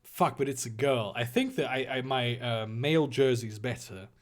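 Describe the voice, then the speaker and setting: A man's voice: medium pitch, normal speed. A man giving a comedic reading, full of profane, rambling asides. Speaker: comedic reader.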